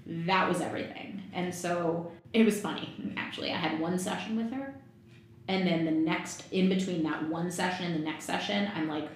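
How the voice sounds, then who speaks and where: A woman's voice: fairly low pitch, fairly even intonation, moderate pace. A woman in her thirties, a podcast guest telling a personal story frankly, swearing freely and laughing often. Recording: very echoey room, faint noise.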